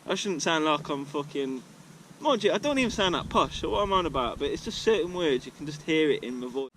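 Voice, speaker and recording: A man's voice: on the high side, lively intonation, fast talker, fairly bright tone, a little hiss or hum, rough recording. A man talking to camera outdoors, rambling in a casual, slangy, heavily sweary way. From England. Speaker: vlogger. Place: outdoors at a regular filming spot.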